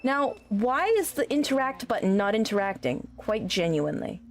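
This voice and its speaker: A woman's voice: mid-range voice, big pitch swings, normal speed, a little hiss or hum. A woman streaming a game, chatting casually with her viewers, teasing them and swearing freely. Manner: teasing, swears a lot, talks back to chat.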